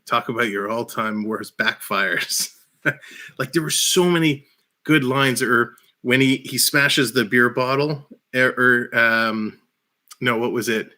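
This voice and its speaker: A man with a bright, clear-edged voice hosts a relaxed live stream, chatting with a rambling, excited flow and frequent laughter. He talks into a headset mic from a small room at home. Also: medium pitch. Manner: laughs often, rambling and enthusiastic. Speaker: livestream host. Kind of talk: casual live-stream chat.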